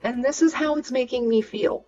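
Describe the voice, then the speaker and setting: A woman's voice: high voice, normal speed, mellow, soft background music. Young woman, frank and ranting, casual stream talk, muffled lo-fi sound. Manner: blunt, frank, swears freely, ranting. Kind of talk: casual venting livestream.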